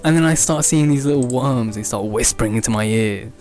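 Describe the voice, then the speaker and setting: A young man hosting a podcast, rambling through an improvised absurd comedy story, often laughing at his own jokes and leaping up in pitch when he quotes people. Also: fairly quick, a little mellow, soft background music. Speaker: podcast host.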